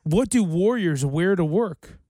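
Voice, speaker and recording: A man's voice: high-pitched, animated, measured pace, warm tone, no room sound. A man in his thirties hosting a radio show in casual banter, telling jokes with little put-on quotes. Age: 30s.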